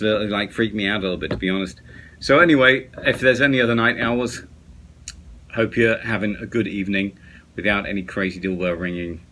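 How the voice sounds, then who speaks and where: Low-voiced man rambling in a late-night vlog. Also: pushed and bright, slight background noise. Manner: rambling, many fillers and restarts. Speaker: pipe smoking vlogger. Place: at home at night.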